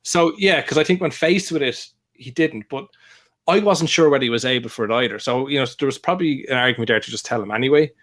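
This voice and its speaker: A middle-aged man talks in an open, unguarded way, drifting from one thought to the next. His voice sits at an ordinary middle pitch, and he keeps circling back with little asides and fillers as he co-hosts a relaxed chat show. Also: quick pace. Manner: rambling, candid storytelling with laughs and fillers. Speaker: podcast co-host. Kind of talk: casual chat.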